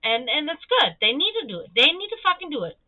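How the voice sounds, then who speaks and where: A high-voiced woman telling a story in loose, profane chat on her stream. She bounces between her own voice and the people she quotes, jumping far up in pitch for them. The sound is dry and thin, like a phone line. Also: quick pace, no room sound. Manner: animated, swearing, acts out quoted people with high jumps in pitch. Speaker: livestream host.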